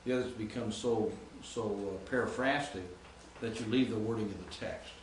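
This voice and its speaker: A man's voice: lowish voice, fairly even intonation, a little fast, echoey room, slight background noise, low-quality recording. A man teaching Greek grammar in a classroom lecture, explaining and reciting word forms.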